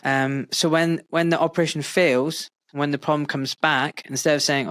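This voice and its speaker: A man hosting a podcast interview, animated and sarcastic, mocking medical jargon and swearing freely. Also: a little high, normal speed, few pauses. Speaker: podcast host.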